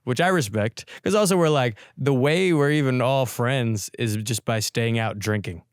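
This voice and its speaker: Smooth-voiced young man telling stories. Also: medium pitch, normal speed, no room sound, clean studio sound. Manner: animated storyteller, acts out quotes. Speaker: podcast host. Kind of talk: casual chat. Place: podcast studio.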